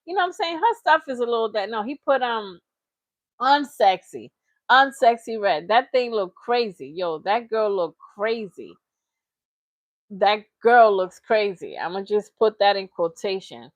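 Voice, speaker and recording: A woman's voice: medium pitch, lively intonation, measured pace, no room sound. A young adult woman hosting a casual commentary channel, mocking and rambling playfully with made-up words. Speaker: reaction channel host.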